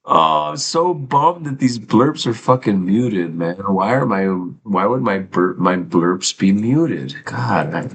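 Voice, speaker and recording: A man's voice: on the low side, slow, vocal fry, few pauses, a little hiss or hum, rough recording. A man chatting casually on his own live stream, rambling and talking to himself while fixing his stream audio, with casual swearing. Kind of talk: casual solo livestream chat.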